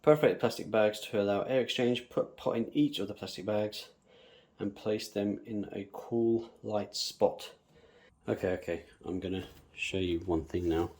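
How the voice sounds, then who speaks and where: Mellow and soft-edged, this man's voice sits on the low side at a normal speed as he guides viewers through planting a bonsai. He keeps it casual and chatty, humming bits of nonsense while he works.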